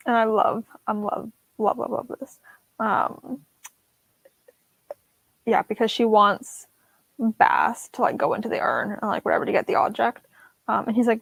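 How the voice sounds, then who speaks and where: A woman's voice: on the high side, measured pace, vocal fry, pauses often, slightly rough, no room sound. A young woman co-hosting a casual livestream book discussion, giggly and fond of reading passages aloud in voices. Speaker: book club co-host.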